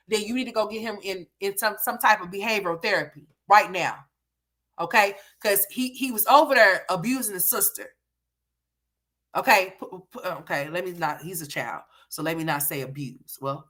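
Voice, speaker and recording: A woman's voice: mid-range voice, sharp tone. A woman hosting reaction commentary, talking in a blunt, profane, scolding way. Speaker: commentary host.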